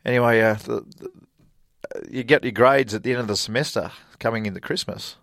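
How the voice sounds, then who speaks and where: A man's voice: mid-range voice, fairly quick, gravelly, fairly bright tone, dry recording, studio quality. A middle-aged Australian man, a golfer guest, telling stories in a casual interview, full of fillers and laughs. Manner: chatty anecdotal storyteller with frequent fillers and laughs.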